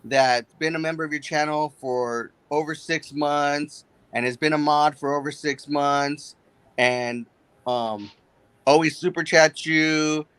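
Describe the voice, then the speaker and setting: Young guy, riled up and cursing, recounting a story, slightly high voice, dry recording. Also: fairly bright tone, no echo. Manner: heated, profane storytelling. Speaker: guest on a livestream. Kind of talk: casual chat.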